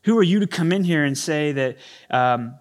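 His voice leans high and his pace is moderate as this pastor gives a sermon from the church stage. Into a handheld or stage microphone, he animatedly acts out each voice he quotes.

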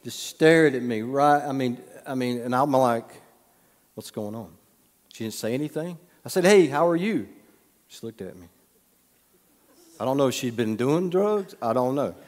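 Pastor preaching in a reverberant hall. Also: male voice, medium pitch, moderate pace. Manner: conversational, teasing the audience with questions. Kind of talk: sermon with storytelling.

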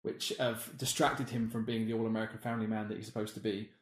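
A man's voice: on the low side, level tone, fast, echoey room. A man chatting casually on a podcast, rambling and self-deprecating. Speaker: podcast co-host. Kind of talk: casual chat.

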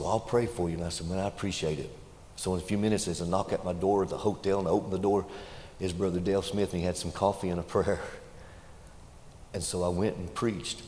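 A man preaching a sermon, telling stories in a folksy way that rises to loud, emotional peaks. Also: low-pitched. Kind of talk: sermon storytelling. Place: church hall. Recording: echoey hall with faint noise.

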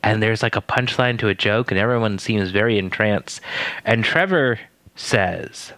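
A man co-hosting a casual podcast, recapping a TV episode with animated, incredulous asides. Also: medium pitch, moderate pace, dry recording. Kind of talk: casual chat.

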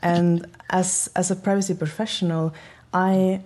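A woman's voice: lowish voice, little pitch movement, a little slow, a little mellow. A woman with a Norwegian accent, a privacy project lead explaining her work in an interview over a video call, thoughtful, with hesitant restarts. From Norway.

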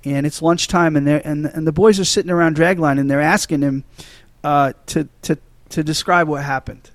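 A man's voice: a little high, fairly even intonation, normal speed, no room sound. Rambling, emotional male podcast host. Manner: rambling, restarts a lot, emotional. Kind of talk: casual movie discussion.

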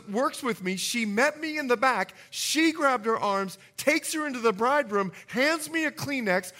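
A very high-pitched man preaches a sermon as a pastor, telling a story with jokey asides. His delivery swings between loud and hushed.

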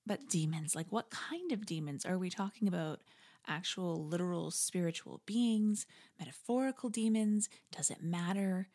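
A woman hosting a reflective faith podcast, talking in a conversational, wry way with animated asides. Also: fairly low pitch, normal speed. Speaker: podcast host. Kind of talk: reflective spoken commentary.

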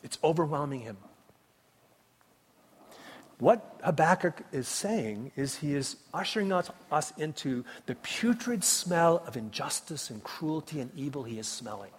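A man preaching a sermon as pastor, impassioned, swinging between loud cries and hushed tones. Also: fairly high pitch, expressive, measured pace, husky. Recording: long reverb of a large hall.

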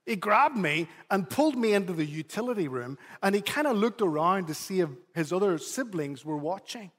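High-voiced male pastor in an echoing hall. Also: moderate pace. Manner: animated storytelling, repeats words when emphasizing. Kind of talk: sermon with a personal story.

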